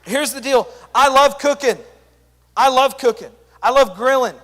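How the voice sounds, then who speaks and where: A young man speaking as a youth pastor, giving an energetic, joking sermon full of stories. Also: very high voice, a little slow, long reverb tail. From Sand Springs area, US.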